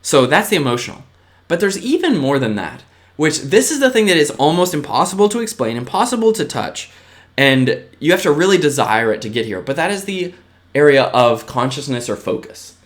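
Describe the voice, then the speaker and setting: Talking motivationally to his viewers, a male vlogger uses big pitch swings, moving from eager bursts down to soft, low asides. He's casual and earnest, and he often drops in a quick "right?"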